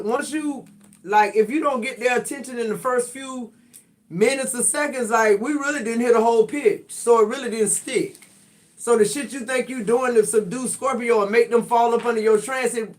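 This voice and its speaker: High-voiced blunt streaming tarot reader. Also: male voice. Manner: blunt, profane, streetwise banter. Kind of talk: casual livestream tarot reading.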